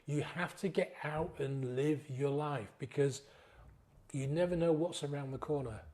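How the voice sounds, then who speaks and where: Emotional guy coaching folks, kinda high mellow voice, keeps going "yeah?". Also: measured pace. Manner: earnest, pleading, tags lines with "yeah?". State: emotional, near tears. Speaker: sobriety coach. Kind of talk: motivational talk to camera.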